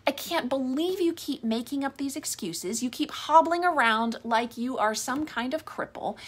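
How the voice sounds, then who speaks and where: A woman's voice: fairly high pitch, fairly bright tone, full character voice. A woman voicing an adult husband who belittles and blames his wife, in a contemptuous tone. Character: scornful blaming husband, adult man.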